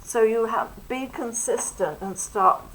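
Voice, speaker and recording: An older woman teacher explaining vowel sounds, drawing out and exaggerating each vowel in a slow, deliberate way. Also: on the high side, rough recording. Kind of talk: phonics lesson. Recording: faint background noise.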